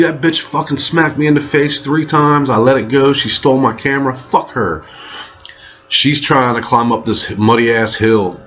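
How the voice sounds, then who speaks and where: A man in his thirties telling a rambling, profane story from his own life in a casual monologue. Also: sits low. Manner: profane, rambling, animated in quoted lines. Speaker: vlogger telling a personal story. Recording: dull lo-fi sound.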